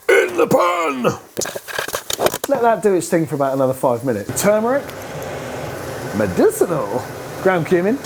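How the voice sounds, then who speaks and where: A man hosting a cooking video, talking casually and playfully while he cooks in a home kitchen. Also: fairly high pitch. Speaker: cooking show host. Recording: clear frying noise behind voice. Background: frying and sizzling pan sounds.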